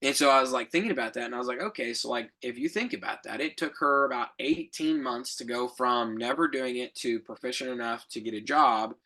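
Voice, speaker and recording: A man's voice: medium pitch, fairly quick, few pauses, sharp tone. A young adult man hosting a podcast, telling a reflective story in a rambling casual way, with fillers, self-corrections and light laughs. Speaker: podcast co-host.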